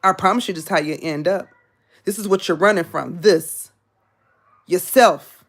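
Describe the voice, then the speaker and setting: A woman's voice: lowish voice, moderate pace. A woman, giving a live tarot reading in a blunt, scolding, profane way and repeating her points. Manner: repetitive, confrontational. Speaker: tarot reader.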